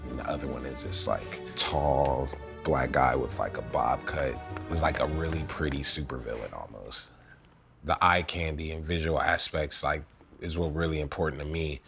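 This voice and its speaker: A man's voice: a bass voice, normal speed, vocal fry, a bit bright. A man in his twenties talking casually and playfully about making a stop-motion film, joking bluntly as he explains. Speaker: host, filmmaker. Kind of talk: casual behind-the-scenes chat. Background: music.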